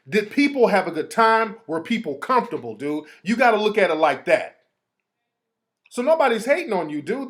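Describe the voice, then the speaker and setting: A man hosting his own show, talking off the cuff in a heated, profane rant. His pitch jumps around a lot as he reacts to the messages he reads out. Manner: profane, heated, reading texts aloud. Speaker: show host. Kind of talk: casual live rant.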